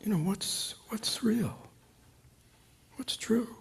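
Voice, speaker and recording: In a meditation hall with a live group, a meditation teacher with a high, gravelly, husky voice takes his dharma talk slowly for the retreat. He questions his listeners, peppering his speech with "right?" and "you know," and sometimes softens into a whisper.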